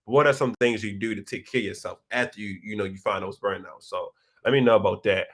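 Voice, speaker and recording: A young man hosting a live chat, reading viewer comments and telling stories in a slangy, animated way. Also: quick pace, slightly rough. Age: young adult. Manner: animated, slangy storytelling with big pitch jumps. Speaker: host of a live chat session.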